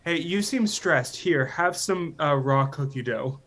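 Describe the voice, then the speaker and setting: An improv comedy performer, loud and goofy, making silly sound effects. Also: mid-range voice, animated, measured pace.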